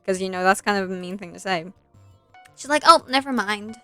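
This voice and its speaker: A woman's voice: medium pitch, fairly even intonation, a little fast, fairly bright tone, clear, resonant tone, faint music behind. A young woman streaming a video game, chatting casually and retelling a film in between plays, with lots of likes and ums. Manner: chatty, scattered, filler-heavy, swears at the game.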